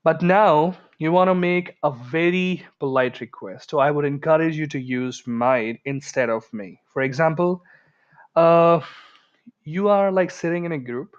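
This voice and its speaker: Higher-voiced man teaching grammar, lo-fi. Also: measured pace, smooth. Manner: chatty, acts out everyday example dialogues. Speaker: English teacher. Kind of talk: casual grammar lesson. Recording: dull lo-fi recording.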